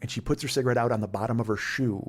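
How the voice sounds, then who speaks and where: A man's voice: mid-range voice, fairly even intonation, rapid-fire, slightly rough. A man hosting a comedy podcast, telling a story in a profane, heated ranting manner. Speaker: podcast host.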